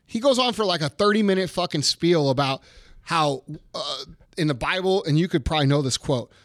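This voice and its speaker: Man, 30s, high pitch, swearing, worked-up casual rant. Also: lively intonation, brisk, a bit bright, no echo, clean studio sound. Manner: profane, heated ranting. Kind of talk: casual chat.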